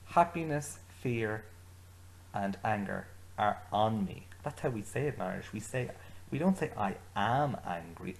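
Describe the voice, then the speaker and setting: A man teaching a lesson, saying short phrases slowly and clearly for learners to repeat. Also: fairly low pitch, darkish tone, low-quality recording. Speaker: Irish language teacher.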